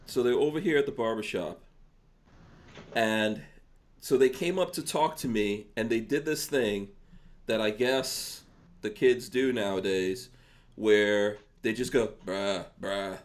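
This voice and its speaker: Middle-aged man, podcast host, casual chat, laughs often, does voices. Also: mid-range voice. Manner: laughs often, mimics his sons.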